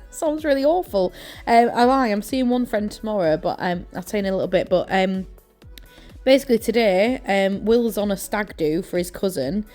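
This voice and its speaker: A woman's voice: medium pitch, moderate pace, a little mellow, soft background music. A young woman from East Yorkshire with an East Yorkshire accent, chatting casually to camera at home while crafting, rambling with lots of fillers. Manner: chatty and rambling, many fillers and self-corrections. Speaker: journaling vlogger.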